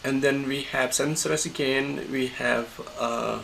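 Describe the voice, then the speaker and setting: A man with a heavily gravelly, creaky voice walks through a pronunciation lesson. He pauses and restarts often as he looks for the right word, and there is a faint hiss under his speech. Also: medium pitch, fairly even intonation, fairly bright tone, rough recording. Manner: halting, stops often to find the word. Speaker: English pronunciation teacher. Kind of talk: recorded lesson explanation.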